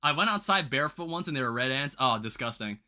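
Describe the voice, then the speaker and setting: A young man hosting a game livestream, chatting casually to his viewers in a rambling, animated way, full of restarts and quick laughs. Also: medium pitch. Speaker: livestream host.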